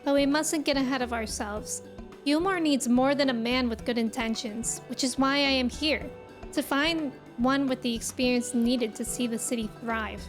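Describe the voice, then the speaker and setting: This is a humble, earnest older man who doubts he is fit to lead, read aloud by a woman in her own high voice. He speaks in a measured, formal way, as a fantasy game character. Faint music plays behind. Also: lightly acted. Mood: modest, formal. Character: earnest older male town leader, modest.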